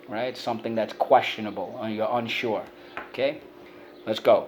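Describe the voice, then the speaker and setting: A man teaching a spelling and vocabulary lesson for children, sounding out words slowly and prompting listeners to repeat them. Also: mid-range voice, steady tone, a little mellow, slight background noise.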